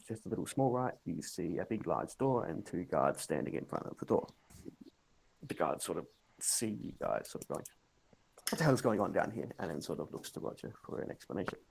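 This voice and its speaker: A man running a tabletop game, his low voice gravelly and full of rise and fall. He narrates in a loose, relaxed way, hedging with "sort of" at every turn. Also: normal speed, a little hiss or hum. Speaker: game master.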